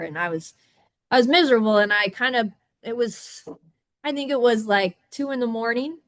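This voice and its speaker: A woman in her thirties speaking on a video call, telling her own story in a halting way with many restarts and repeated words. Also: on the high side, dry recording. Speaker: summit guest speaker. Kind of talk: candid personal storytelling.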